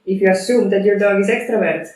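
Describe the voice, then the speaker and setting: A woman explains things patiently in an interview, pausing to rephrase with frequent "I mean" asides. Her voice sits at a middle pitch. It rings through a very echoey room and she sounds well away from the mic. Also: fairly even intonation, a little mellow, recorded from a distance. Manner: thoughtful, explains at length with many "I mean" asides. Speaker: dog trainer, interview guest. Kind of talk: conversational interview answers.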